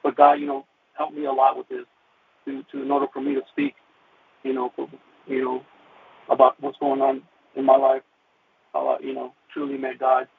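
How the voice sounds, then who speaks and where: A man telling his personal faith testimony, emotional and halting, with many "you know" fillers, over a phone-like radio line. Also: medium pitch, monotone, creaky, a little hiss or hum. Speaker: guest sharing his testimony.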